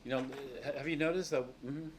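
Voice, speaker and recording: A man's voice: on the high side, fairly even intonation, brisk, slight background noise. A man teaching a chemistry class, explaining reactions step by step and checking in with students. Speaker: chemistry lecturer. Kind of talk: classroom lecture. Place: lecture classroom.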